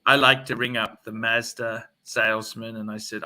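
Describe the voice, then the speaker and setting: A man's voice: lowish voice, little pitch movement, normal speed, few pauses, pushed and bright. A man hosting a livestream in casual chat, rambling and ranting with plenty of swearing. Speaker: livestream host.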